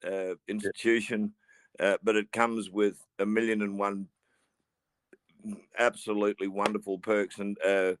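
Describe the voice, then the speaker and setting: A man, a podcast co-host speaking in a measured, wordy way with frequent chuckles. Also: fairly low pitch, little pitch movement, clean tone, no room sound. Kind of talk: casual podcast chat.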